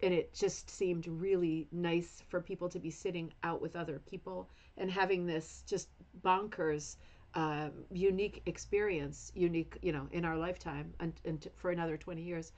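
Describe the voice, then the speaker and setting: A woman's voice: lowish voice, steady tone, normal speed, a little mellow, poor audio. A middle-aged woman hosting a craft club livestream, chatting casually with viewers in a rambling way full of asides and restarts.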